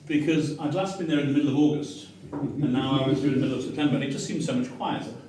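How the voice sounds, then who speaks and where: In a fast, medium-pitched voice with a Manchester accent, a middle-aged Englishman performs comic storytelling for diners, animated and poking fun at himself while imitating quoted voices. It's captured from far off in an echoey restaurant dining room, with slight hiss or hum.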